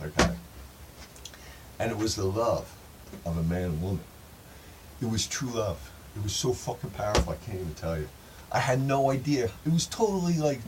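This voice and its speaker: A man telling a rambling first-person story to his viewers, emphatic and profane, often calling them folks. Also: lowish voice. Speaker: channel host. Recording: distant mic with faint background noise.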